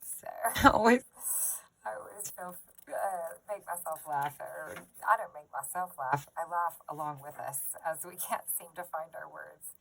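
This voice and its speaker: A woman's voice: low voice, normal speed, gravelly, breathy edge, low-quality recording. A woman crafter chatting casually as she shows off her book collection, gushing and giggling, recorded on a phone. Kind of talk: casual show-and-tell chat.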